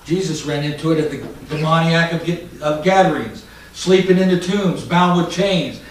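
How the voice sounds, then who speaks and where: Fiery preacher man in an echoey hall. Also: moderate pace. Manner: swings from loud mocking shouts to low intense warnings. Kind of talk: fiery sermon. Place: church hall. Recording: echoey church hall mic from a distance.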